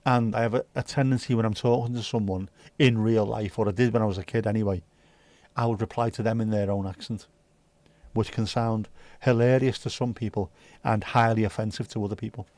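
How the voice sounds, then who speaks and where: A man's voice: on the low side, fairly even intonation, fairly quick, a little mellow, no echo. Chatty male livestream host, dry sound. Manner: chatty, jokey, reacting to chat. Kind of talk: casual livestream chat.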